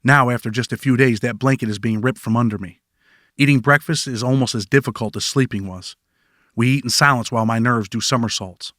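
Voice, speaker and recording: A man's voice: mid-range voice, fairly quick, a bit bright, no echo. Guy narrating his own memoir, reflective, mid voice, dry close recording. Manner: reflective first-person storytelling.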